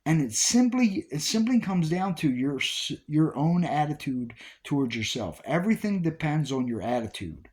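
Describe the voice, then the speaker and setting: A man's voice: a little high, sing-song, normal speed, hardly any pauses, a little mellow. A man giving an informal Bible study talk, repeating key phrases with emphasis as he preaches. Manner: repetitive, emphatic preaching with restarts.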